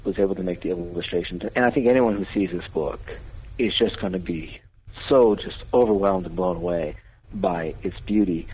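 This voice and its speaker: A man's voice: deep voice, normal speed, slight background noise. A man, a priest, talking earnestly on a radio talk show with a preaching cadence. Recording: tinny phone-line radio audio.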